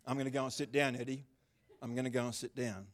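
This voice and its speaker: A man preaching a sermon in a church service, animated and bursting out loud at times, with chatty, joking asides to people in the congregation. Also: medium pitch, quick pace. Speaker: pastor.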